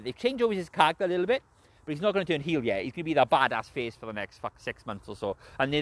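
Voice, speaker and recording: Mężczyzna z brytyjskim akcentem, który luźno i chaotycznie omawia wrestling, dużo przeklina i często się śmieje. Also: male voice, mid-range voice, no echo. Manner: heavy swearing, rambling, laughs often. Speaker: wrestling show reviewer. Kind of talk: casual spoken recap and opinion.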